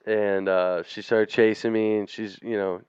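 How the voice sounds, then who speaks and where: Man with a low, resonant voice, swearing freely as he rambles through a story on a podcast, recorded dry and dull. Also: flat delivery, a little slow, darkish tone, smooth, no room sound. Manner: profane, rambling, laughs through his story. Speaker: podcast co-host. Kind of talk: casual storytelling chat.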